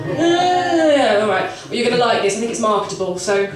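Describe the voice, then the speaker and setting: Fighting a cold, a young woman does rapid-fire, rambling stand-up on a comedy club stage, poking fun at herself and giggling between asides. Her mid-range voice keeps fairly even intonation over background music, recorded from far off in an echoey club with a live audience.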